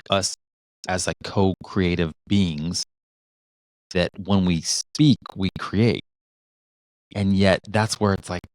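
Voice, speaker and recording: A man's voice: deep voice, no room sound. A middle-aged man co-hosting a podcast, talking in a reflective, casual way with many restarts. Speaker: podcast co-host. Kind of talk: casual conversational chat.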